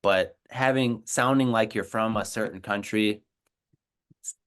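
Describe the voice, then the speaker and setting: A native English-speaking man from the United States chats casually with his co-host about learning languages, earnest and encouraging, often repeating words. His voice is fairly low, smooth and a little slow.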